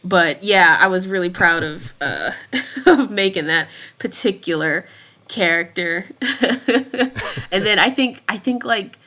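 Bright-voiced chatty woman in her thirties. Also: medium pitch, takes it slowly. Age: 30s. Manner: chatty, laughs often between thoughts. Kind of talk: casual chat.

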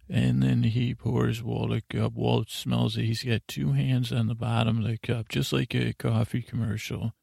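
A man's voice: medium pitch, flat delivery, a little slow, vocal fry, hardly any pauses, a little mellow, breathy edge, dry recording, clean studio sound. A man hosting a bedtime podcast, recapping a show in a meandering, drowsy way with lots of filler words. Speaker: podcast host. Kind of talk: rambling bedtime episode recap.

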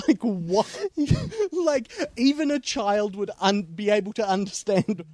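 A man's voice: high-pitched, animated, takes it slowly, a little mellow, no room sound. A man co-hosting a casual, comedic movie review chat, laughing often and jumping between asides. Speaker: podcast co-host.

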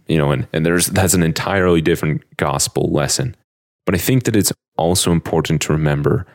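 Earnest male podcast host, low voice, reflective lesson with verses read aloud, dry close sound. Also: no echo. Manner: earnest, musing, reads verses aloud with feeling.

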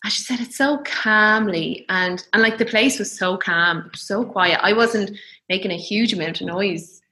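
A young woman telling her birth story in a soft, reflective, emotional way. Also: medium pitch, measured pace, poor audio. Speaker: guest.

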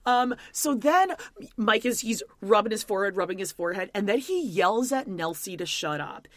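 A young woman riffs on a reality show with a co-host, animated and quick to swear. Her voice sits in a middle register. The sound is dry and close, with no room around it. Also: medium pitch, no echo. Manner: animated, profane, acts out quotes. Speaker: podcast co-host. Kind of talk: casual chat recapping a reality show.

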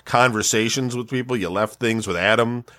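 A man in his forties in casual conversation, rambling and frank, swearing freely and filling pauses with "um" and "like". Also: mid-range voice, fairly bright tone. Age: 40s. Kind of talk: casual chat.

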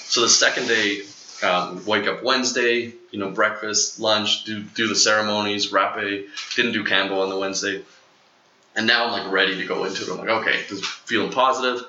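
A man's voice: fairly low pitch, fairly quick, bright, forceful tone, slight background noise. A young man telling a long personal story in casual chat, rambling with many fillers and acting out what people said. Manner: rambling, filler-heavy, acts out quotes. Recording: echoey lo-fi room.

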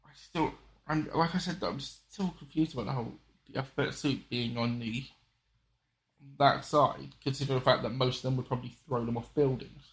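A man's voice: medium pitch, a little fast. A man in casual conversation, rambling and restarting his sentences with frequent apologetic asides. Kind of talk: casual political chat.

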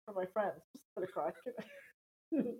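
A woman's voice: on the low side, lively intonation, fairly quick, warm tone, poor audio. A woman, a stand-up comedian, telling stories in a casual interview and laughing often. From Ireland. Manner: chatty storytelling, laughing often.

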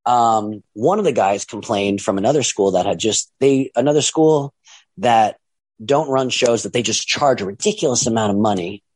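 A man's voice: on the low side, normal speed, darkish tone, dry recording. Casting note: middle-aged male promoter, rambling storyteller, dry close sound. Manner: rambling, acts out quoted voices. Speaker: wrestling promoter and trainer. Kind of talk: casual storytelling monologue.

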